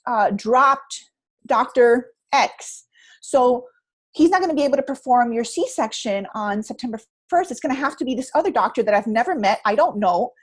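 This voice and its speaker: A woman in her thirties talks as an expert guest on a video call, her voice husky and a little breathy and sitting fairly high. She tells stories with emphasis, acting out her own reactions and pushing certain words hard. It is an earnest, lively conversational delivery. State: heavily pregnant. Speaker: stress management expert guest. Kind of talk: conversational interview, animated storytelling.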